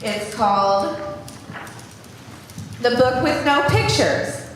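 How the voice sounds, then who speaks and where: Woman leading children's story time at church; high, lively, unhurried, goofy voices; recorded far off in a reverberant hall. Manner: animated, silly voices and sing-song. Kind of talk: playful read-aloud to children. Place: large church sanctuary. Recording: echoey hall from far off, noisy.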